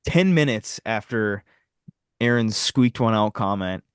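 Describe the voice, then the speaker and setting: Profane animated man telling a story. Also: on the low side, measured pace, clear, resonant tone, no room sound, studio quality. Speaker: podcast co-host. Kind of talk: casual chat, storytelling.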